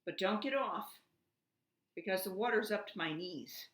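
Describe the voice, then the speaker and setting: A woman voicing a tired, gentle young male dragon who pants and pleads as he talks. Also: medium pitch, expressive, a little slow, echoey room. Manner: breathless, pleading.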